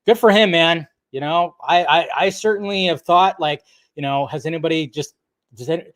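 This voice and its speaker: Guy doing a chill live stream, kinda high voice, greets chat by name, jokey. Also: normal speed, fairly bright tone, no room sound, studio quality. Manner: chatty, greets viewers by name, jokey asides.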